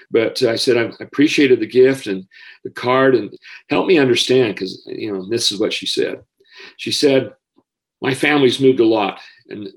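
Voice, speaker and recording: A middle-aged man recounts a moving memory from his work as a school counselor. He speaks earnestly, at an even middle pitch, often restarting his sentences as feeling catches up with him. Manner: earnest, emotional, halting restarts. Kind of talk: personal storytelling.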